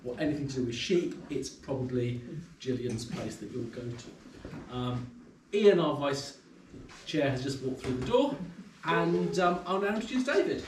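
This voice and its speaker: A man's voice: mid-range voice, expressive, moderate pace. A man chairing a club meeting in a pub room, introducing people informally and hesitantly with many ums. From England. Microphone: far camera. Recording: roomy, distant, faint room noise.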